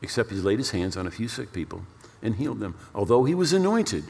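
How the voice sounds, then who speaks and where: A male pastor preaching a storytelling sermon in an animated way, repeating words for emphasis. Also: fairly low pitch, quick pace, vocal fry, husky. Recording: long reverb of a large hall.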